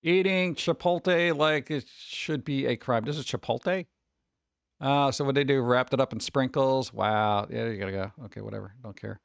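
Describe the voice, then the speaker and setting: A man's voice: medium pitch, moderate pace, vocal fry, smooth, no echo, lo-fi sound. A man streaming casual commentary on food videos, exasperated and sarcastic, rambling and restarting.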